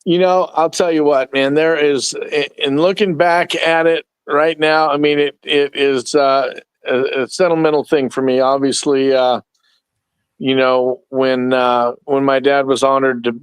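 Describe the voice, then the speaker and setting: A man speaking as a guest in casual podcast chat, reflective and halting, with fillers. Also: mid-range voice, flat delivery, clear, resonant tone, no echo, poor audio.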